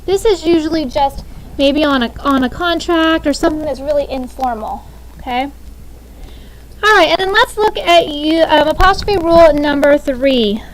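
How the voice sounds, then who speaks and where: A woman's voice: high-pitched, moderate pace, a little hiss or hum, poor audio. A woman in her thirties teaching a classroom grammar lesson, upbeat and often checking in with "okay?". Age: 30s.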